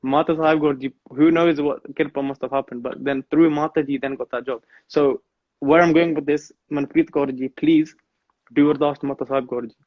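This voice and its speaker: Earnest man, fairly high voice, rapid delivery, dull lo-fi audio; devotional talk peppered with Punjabi. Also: fairly even intonation, dry recording. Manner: earnest, mixes in Punjabi phrases. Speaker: guest speaker on a live stream.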